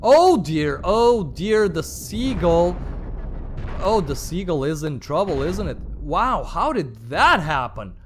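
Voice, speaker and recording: Guy commentating a game match, pretty high voice, rambly and jokey, a little background hiss. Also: a bit bright. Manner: chatty and rambling, with playful asides and exclamations. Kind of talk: live play-by-play commentary.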